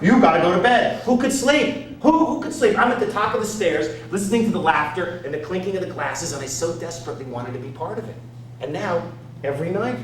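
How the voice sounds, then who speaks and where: A man performing a one-man stand-up show, telling brash stories that swing between loud punchlines and quiet asides. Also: medium pitch. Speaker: stand-up comedian. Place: stage in a theater. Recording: roomy, distant live stage recording with noise.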